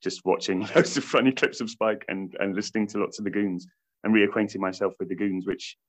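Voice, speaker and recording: A British man with a low, deep voice talks about his stage role in a relaxed interview. He rambles and restarts his sentences often, laughs easily, and keeps the tone loose and conversational. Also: a little fast. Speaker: stage actor playing a comedian. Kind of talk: casual interview chat.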